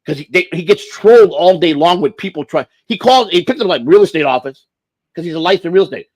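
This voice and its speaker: A man's voice: sits high, lively intonation, quick pace, a little mellow, no echo. A man hosting a livestream, telling a long story in a profane, rambling way with lots of restarts. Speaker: livestream host.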